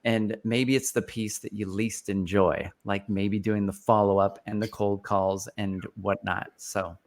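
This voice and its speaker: A man hosting a podcast and coaching business owners in a casual, energetic manner, often repeating points for emphasis. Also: lowish voice, a little slow. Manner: energetic, restarts and fillers, emphatic repetition. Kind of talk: casual conversational advice.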